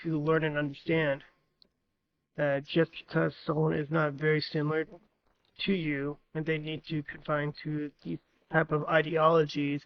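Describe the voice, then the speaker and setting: A man's voice: a little high, monotone, normal speed, gravelly, clean tone, muffled recording. A man speaking as a guest in a casual podcast chat, explaining his view earnestly and thoughtfully.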